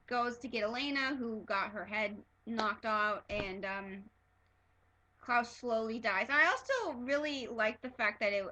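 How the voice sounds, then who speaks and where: A woman recaps a TV episode for her fan vlog in a rather high, bright, forceful voice. She gushes and rambles, full of fillers and restarts. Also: low-quality recording. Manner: excitable, gushing, many fillers and restarts. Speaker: TV episode reviewer. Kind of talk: casual fan review vlog.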